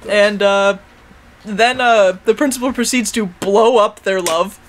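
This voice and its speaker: A woman recapping an episode in casual chat, rambling with many fillers and quick put-on character voices. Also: medium pitch. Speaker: co-host reviewing an anime episode.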